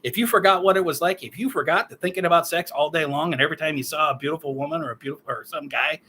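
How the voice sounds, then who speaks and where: A man in his fifties delivers a solo political rant. He swears freely and turns sarcastic and heated, with a fairly high voice that cuts through with a hard, forceful edge. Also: racing, husky. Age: 50s. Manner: profane, sarcastic, heated ranting. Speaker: political commentator.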